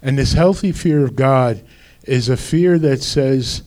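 A man preaching a sermon as pastor, slow and deliberate with emphatic rises. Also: mid-range voice, darkish tone.

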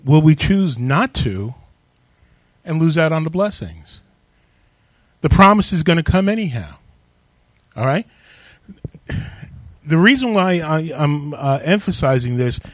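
Male pastor, sermon delivery, emphatic, slightly higher voice, dry close sound. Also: no echo. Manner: emphatic, calls on the congregation to respond.

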